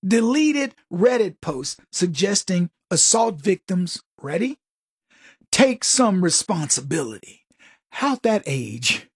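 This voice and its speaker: A man's voice: high voice, very animated, slow, slightly rough, dry recording, studio quality. A man delivering a sarcastic, folksy political commentary monologue full of joking asides.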